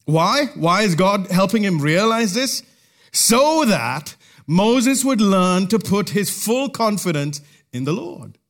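A man preaching an expository sermon, teaching through a passage verse by verse in a measured way with emphatic pauses. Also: high voice, very animated, fairly bright tone.

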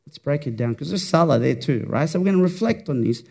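A man's voice: a little high, animated, fast talker, vocal fry, a little mellow. A man preaching a sermon, fervent and rhetorical, repeating words for emphasis.

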